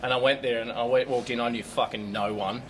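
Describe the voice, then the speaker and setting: A man telling crude, animated stories in casual chat, swearing often. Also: mid-range voice, quick pace, background noise. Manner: animated, swearing often, bursts of loud laughter. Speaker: comedian guest. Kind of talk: casual storytelling.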